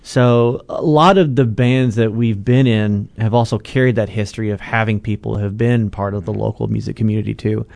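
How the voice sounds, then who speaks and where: A man's voice: on the low side, fairly even intonation, brisk, gravelly, few pauses, darkish tone, dry recording. A young man, a band's singer-songwriter, answering interview questions in an earnest, plain way.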